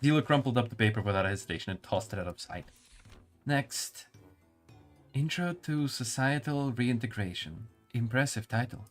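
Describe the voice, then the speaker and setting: A man's voice: medium pitch, lively intonation, normal speed, soft background music. A male streamer reading game dialogue and narration aloud, musing and stumbling over hard words.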